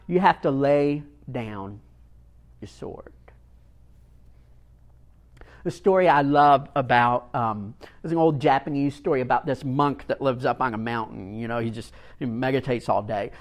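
A man preaching a sermon, emphatic and dramatic, swinging from hushed phrases to loud ones. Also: mid-range voice, lively intonation. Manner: emphatic, swings from quiet to loud, long pauses.

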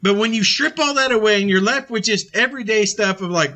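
A man's voice: high-pitched, a little fast. A man teaching a Bible study in an earnest, conversational way, reading scripture aloud and restarting words often. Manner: animated when voicing a small child. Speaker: preacher leading a Bible study.

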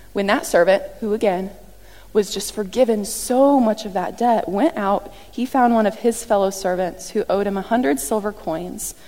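A woman preaching a sermon in a lively, conversational way, often acting out what people said. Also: medium pitch. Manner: animated, conversational, acts out quotes. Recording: long reverb from a large hall.

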